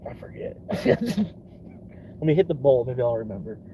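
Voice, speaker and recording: Rambling swearing young man, mellow voice. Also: mid-range voice, very animated, unhurried, a little hiss or hum. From Florida. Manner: rambling, swears often, laughs a lot. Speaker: vlogger. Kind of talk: casual rambling monologue.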